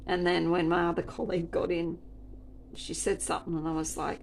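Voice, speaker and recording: A woman with a gravelly, creaky edge to her voice, chatting casually and wryly as she rambles through a story. Her pitch sits in a middle range, and faint ambient noise hums behind her. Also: flat delivery, brisk. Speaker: restaurant server.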